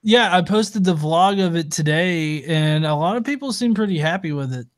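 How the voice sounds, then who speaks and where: A man's voice: on the high side, animated, moderate pace. A tired man with a Southern US accent, telling crude stories in laid-back casual chat. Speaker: guest YouTuber.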